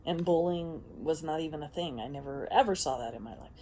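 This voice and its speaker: A woman giving a casual spoken monologue as a self-help vlogger, animated and frank, swearing freely and laughing often. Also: low-pitched, a little fast, slight background noise.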